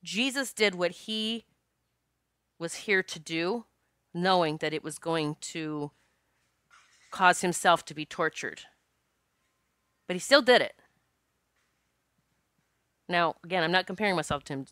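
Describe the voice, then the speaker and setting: Female podcast host, candid storyteller, bright crisp voice, dry close sound, curses freely. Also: lowish voice, a little slow, pauses often, dry recording. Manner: frank and animated, swears and laughs often.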